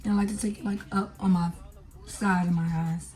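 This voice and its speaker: Chatty young woman, mellow voice. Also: on the low side, fairly even intonation, brisk, soft background music. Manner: chatty, filler-heavy, talking to viewers while applying makeup. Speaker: beauty vlogger. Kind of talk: casual makeup tutorial.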